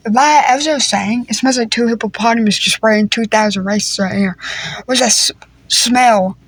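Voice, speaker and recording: A woman's voice: a little high, moderate pace, slightly rough, no echo. A woman improvising a comedy family skit, talking in a playful, teasing, slangy way. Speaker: creator voicing a family skit.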